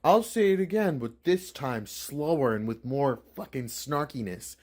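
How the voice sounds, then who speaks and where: A man's voice: medium pitch, expressive, a little slow, darkish tone. A man playing Russia as a grumpy, scornful man who mocks Christmas with sarcasm. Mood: snarky. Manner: snarky, scornful. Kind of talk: comedy sketch acting.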